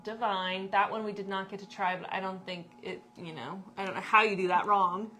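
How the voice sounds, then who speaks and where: A woman's voice: mid-range voice, fairly even intonation, a little fast, bright, forceful tone. A woman from Nebraska in casual chat, presenting products in her store and laughing often. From Nebraska, USA.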